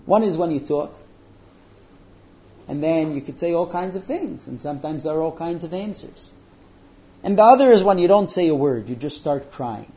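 A man teaching a religious lesson, telling stories in an animated way with fillers. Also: fairly high pitch, moderate pace, lo-fi sound. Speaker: Torah teacher.

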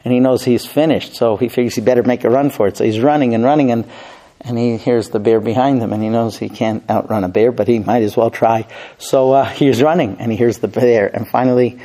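A man's voice: medium pitch, fairly even intonation, a little fast, mellow, low-quality recording. A man teaching a Torah class and telling a long parable, with fillers and restarts.

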